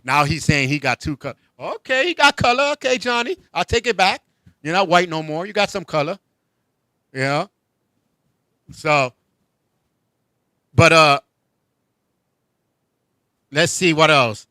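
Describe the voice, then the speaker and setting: A man hosting a casual comedy talk show, joking and animated, laughing often. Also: on the high side, takes it slowly, long pauses, no room sound. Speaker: host.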